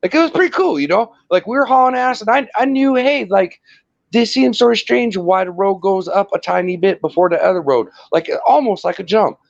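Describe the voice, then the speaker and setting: A man's voice: high voice, lively intonation, a little fast, vocal fry, dry recording, highs cut off. A man telling a long rambling story in casual chat, swearing and laughing often.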